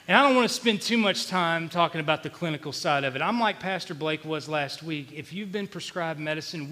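Male preacher, bright forceful tone, emotional confessional delivery, big church reverb. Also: on the high side. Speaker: pastor. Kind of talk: sermon. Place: church sanctuary.

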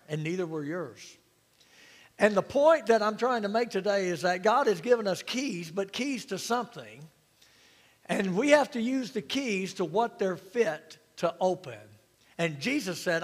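A man preaching a sermon as pastor, talking with the congregation in a relaxed way, joking and asking them questions. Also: high-pitched, normal speed, long reverb tail. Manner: conversational preaching with humor and audience questions.

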